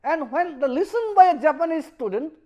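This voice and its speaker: Bengali-accented male professor lecturing haltingly. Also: very high voice, lively intonation, warm tone. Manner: halting, repeats and restarts phrases. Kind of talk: university lecture.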